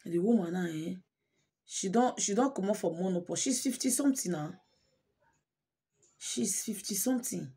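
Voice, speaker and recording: A woman's voice: mid-range voice, animated, normal speed, pauses often, dark tone, breathy edge. A woman with a Nigerian accent telling a story on her channel in an emotive way, mixing Pidgin with English and repeating words for emphasis. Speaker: channel host. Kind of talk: casual storytelling vlog.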